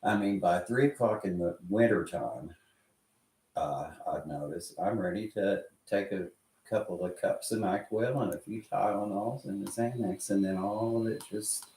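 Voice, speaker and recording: A man's voice: fairly low pitch, unhurried, darkish tone. A man with a West Texas accent telling stories in a casual, rambling way, swearing freely and chuckling as he goes. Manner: profane, chuckling storyteller. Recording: roomy echo.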